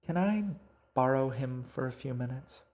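A man's voice: mid-range voice, expressive, normal speed, darkish tone, pitched above the performer's own voice, natural voice. A man voicing a friendly, upbeat young woman with antlers.

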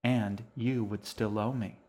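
A man's voice: lowish voice, fairly even intonation, a little slow, warm tone, natural voice. A man voicing a menacing, falsely smiling man who coaxes and threatens a boy in an audiobook reading. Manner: cold, coaxing, threatening.

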